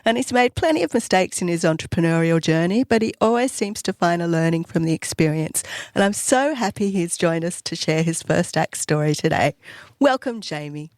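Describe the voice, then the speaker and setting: A woman co-hosting a podcast, introducing the guest and asking about his past with warm interest. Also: lowish voice, expressive, moderate pace, no echo, clean studio sound. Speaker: podcast co-host.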